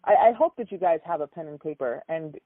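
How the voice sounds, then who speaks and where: A woman's voice: sits low, lively intonation, brisk, slightly rough, dry recording. A woman hosting an interview, responding in an affirming way. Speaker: interview host. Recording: dry phone-line sound.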